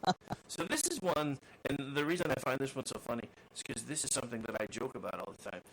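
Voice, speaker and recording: A man's voice: mid-range voice, expressive, fast talker, a bit bright, poor audio. Rambling man on a talk show. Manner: rambling, self-correcting chatter. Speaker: co-host. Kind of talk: casual chat.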